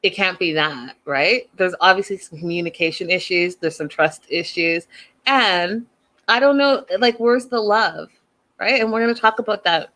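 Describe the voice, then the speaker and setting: A woman's voice: on the low side, moderate pace, fairly bright tone. A woman hosting a casual recap show, chatty and opinionated, firing off rhetorical questions. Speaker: host.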